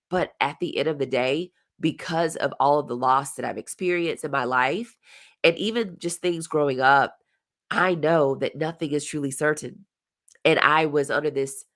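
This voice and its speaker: A woman in her forties, a career coach, giving an earnest, heartfelt motivational talk on a live stream and repeating phrases for emphasis. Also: deep voice.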